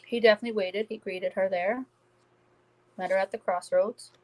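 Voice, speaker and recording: Gentle woman medium giving reassuring readings. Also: medium pitch, steady tone, moderate pace, rough recording. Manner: gentle, reassuring, addresses viewers by name. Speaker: psychic medium. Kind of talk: live-stream spirit reading.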